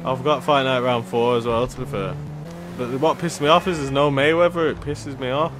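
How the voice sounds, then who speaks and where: A young man with a London accent giving casual commentary over a game, slangy and joking, jumping from mutters to loud shouts. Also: mid-range voice, fairly quick, noisy background. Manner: loud swings into shouted excitement, slangy banter. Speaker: gaming YouTuber. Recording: music playing behind the voice.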